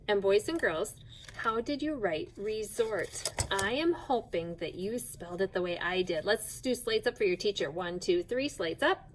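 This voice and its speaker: A woman's voice: mid-range voice, expressive, low-quality recording. Patient woman teaching second graders. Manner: slow, clear, patient, spells out sounds. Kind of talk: recorded phonics lesson for children.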